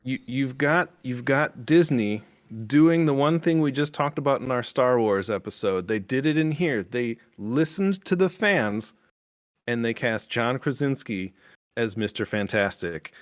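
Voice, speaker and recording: A man's voice: medium pitch, animated, unhurried, no room sound, clean studio sound. A man hosting a casual podcast review chat, rambling with lots of fillers and restarts. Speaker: podcast host.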